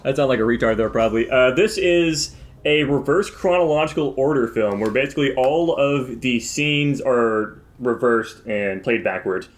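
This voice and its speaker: A man's voice: medium pitch, normal speed. A man co-hosting a podcast, summing up a movie in a rambling, profane way and tripping over his words. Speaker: podcast co-host. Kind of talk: casual movie review chat.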